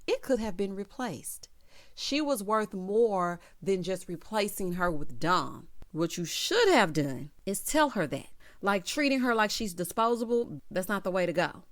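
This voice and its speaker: A woman's voice: mid-range voice, big pitch swings, measured pace. A woman giving a casual, sassy show recap, talking bluntly and directly to her viewers. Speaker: vlogger reviewing a TV show.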